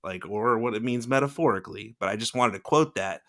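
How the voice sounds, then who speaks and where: A man hosting a podcast, telling rambling stories in casual chat and slipping into lively voices to quote people. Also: fairly low pitch, fairly quick. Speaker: podcast host, former celebrity news producer.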